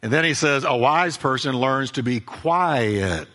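A man's voice: mid-range voice, expressive, a little slow, bright, forceful tone, in a large hall. A man preaching a sermon as pastor, emphatic, repeating key phrases and acting out both sides of conversations.

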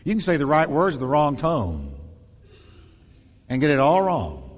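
A man preaching a sermon in an animated way, acting out quoted voices with shifting tone and pace. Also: fairly high pitch, a little slow, in a large hall. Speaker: pastor.

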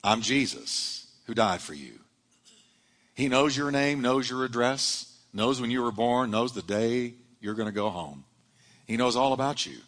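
A man's voice: medium pitch, normal speed, a bit bright, long reverb tail. A male pastor preaching a sermon to his church, rising and dropping dramatically as he drives his points home.

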